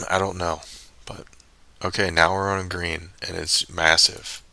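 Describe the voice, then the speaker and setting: Deep gravelly guy streaming, slow muttery talk, kinda grumbly to himself. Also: little pitch movement, bright, forceful tone, dry recording. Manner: muttering, frustrated, talks to himself. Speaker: live streamer. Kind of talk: casual live-stream commentary while playing.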